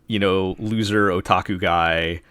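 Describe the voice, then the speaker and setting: A man with a lowish voice, recorded close and dry, hosts a casual podcast conversation. He rambles through his reviews, restarting sentences and leaning on fillers. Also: steady tone, a little slow, a bit bright, smooth, dry recording. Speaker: podcast host. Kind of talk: casual chat reviewing anime.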